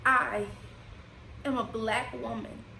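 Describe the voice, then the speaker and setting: A high-voiced woman from the United States talks straight to camera in an impassioned personal vlog. Her casual speech swells and drops with emotion. The echoey room adds a roomy ring to her voice. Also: fairly even intonation, takes it slowly, gravelly, pushed and bright, a little hiss or hum. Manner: emotional, rising and falling with feeling, Southern-tinged casual speech. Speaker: vlogger. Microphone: desk microphone.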